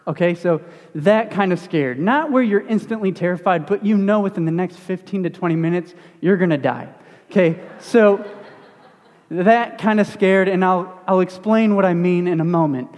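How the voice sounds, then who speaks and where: A man's voice: high-pitched, moderate pace. Young male pastor preaching in a reverberant hall. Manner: conversational and animated, with self-deprecating humor. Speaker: student pastor. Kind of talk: casual sermon with stories. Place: church sanctuary.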